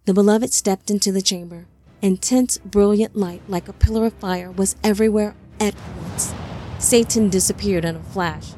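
A woman narrating an audiobook in a measured, somber storytelling manner on a close mic. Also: mid-range voice, mellow.

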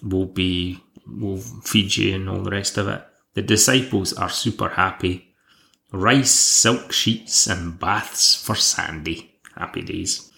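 A man's voice: low-pitched, fairly even intonation, slow, creaky, sharp tone. A man hosting a podcast, recapping an episode in a dry, wry, casual way. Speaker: podcast host.

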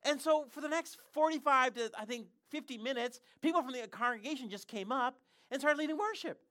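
A pastor preaching a sermon, telling stories in an animated way and often restarting sentences. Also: sits high, fairly quick. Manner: animated storytelling with frequent self-restarts.

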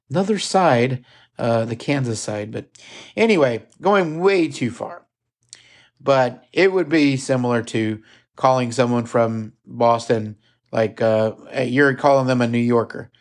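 A man's voice: medium pitch, a little mellow. Rambling Midwestern American man. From Midwestern United States. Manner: rambling and digressive, with many fillers and restarts. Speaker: podcast host. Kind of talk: casual podcast chat about a film.

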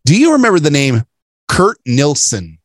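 A man's voice: a little high, big pitch swings, moderate pace, dry recording. A man co-hosting a casual podcast chat, talking in a chatty, jokey way with plenty of laughter. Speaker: podcast co-host.

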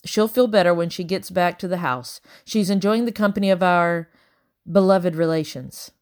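A woman voicing a firm, composed grown woman who speaks sharply and calmly. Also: lowish voice, normal speed, natural voice. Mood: firm soothing. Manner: sharp, then soothing.

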